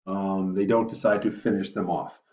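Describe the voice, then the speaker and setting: A man's voice: sits low, fairly even intonation, moderate pace, a little mellow. Chatty male teacher, distant and echoey. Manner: chatty, self-correcting, uses asides and filler. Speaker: history teacher. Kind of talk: casual recorded review lesson. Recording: muffled roomy audio from afar.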